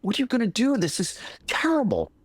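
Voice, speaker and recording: A man voicing over-excited village neighbors in a told story, with exaggerated sing-song exclamations. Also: very high voice, brisk, dry recording, pitched above the performer's own voice, full character voice. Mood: fretful. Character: gossipy village neighbors, fretting and gushing.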